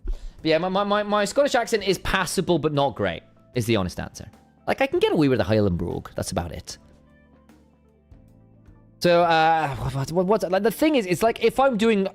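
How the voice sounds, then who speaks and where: A man, a co-caster on a live stream, chatting casually to his viewers in a rambling way and often stopping mid-sentence to repeat words. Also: medium pitch. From United Kingdom. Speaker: esports co-caster.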